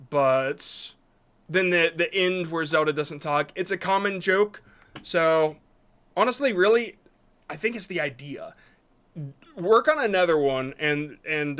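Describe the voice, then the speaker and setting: A man's voice: a little high, fairly bright tone. A man hosting a live stream, reviewing viewers' short videos in casual commentary that is hesitant and apologetic, with many restarts.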